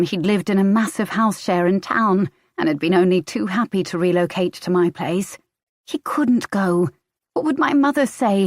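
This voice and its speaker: A woman narrates a first-person audiobook with a tense, emotional reading. Her voice sits at a middle pitch. The recording is dry and close. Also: a little mellow, dry recording.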